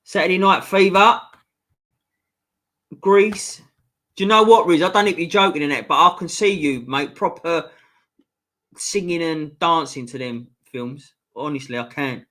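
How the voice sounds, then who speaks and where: A man's voice: fairly high pitch, a little slow, pauses often, sharp tone. Sweary man reading live chat. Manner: blunt, sweary banter with chat viewers. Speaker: live stream host. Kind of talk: casual live-stream chat reading viewer comments.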